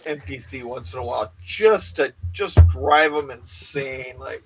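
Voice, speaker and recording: A man's voice: medium pitch, unhurried, slight background noise, low-quality recording. A man who runs tabletop games, rambling through stories in casual chat. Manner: rambling, with many restarts and laughs. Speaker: game master.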